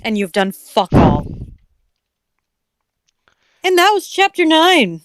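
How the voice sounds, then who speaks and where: A woman's voice: sits high, big pitch swings, slow pace. A woman giving sarcastic, swearing commentary as a co-host on a comedic reading.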